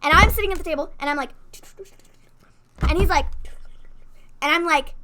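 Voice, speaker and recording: A woman co-hosting a casual wrestling recap, telling stories in an excitable, animated way with lots of "like". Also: very high-pitched, fast, long pauses, a little hiss or hum. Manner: excitable, animated storyteller, fillers of "like". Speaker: co-host.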